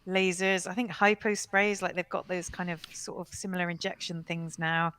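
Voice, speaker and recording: A woman co-hosting a casual show, chatty and quick to laugh. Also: lowish voice, flat delivery, fairly bright tone, clean tone. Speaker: co-host. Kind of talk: casual podcast chat.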